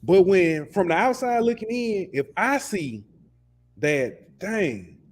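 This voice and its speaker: A man who lives in Alabama co-hosts a sports podcast, ranting passionately in casual talk and often repeating words. His voice is high and sing-song, and he takes it slowly.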